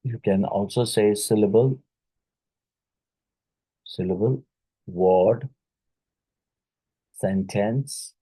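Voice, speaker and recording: Slow husky man teaching exam answers. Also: lowish voice, dark tone, no echo, low-quality recording. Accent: Indian English. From India. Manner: slow, repeats key words, many fillers. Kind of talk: exam question-and-answer lecture.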